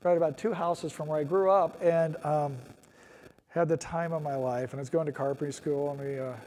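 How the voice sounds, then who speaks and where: A man's voice: a little high, darkish tone, a little hiss or hum. A middle-aged man giving a candid, rambling personal testimony at a recovery meeting, with wry self-deprecating asides. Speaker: speaker sharing his recovery story. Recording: long echoey hall reverb.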